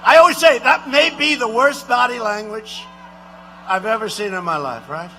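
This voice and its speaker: A man doing an impression of a boastful male president giving a rambling rally speech, repeating himself and shouting out punchlines. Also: extremely high pitch, moderate pace, soft background music. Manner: repetitive, rambling, bragging, with sudden shouted lines.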